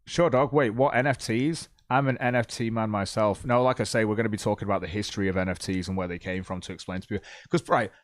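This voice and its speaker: A man's voice: lowish voice, steady tone, fast talker, few pauses, dry recording. A man streaming live, chatting casually in a rambling way with a lot of swearing and stumbling. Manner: rambling, profane, hesitant.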